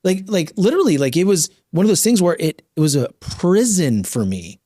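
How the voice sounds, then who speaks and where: A man in his thirties hosting a podcast interview, talking in an animated, emphatic, motivational way. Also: sits high, fairly quick, no echo, clean studio sound. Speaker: podcast host. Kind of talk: casual interview talk.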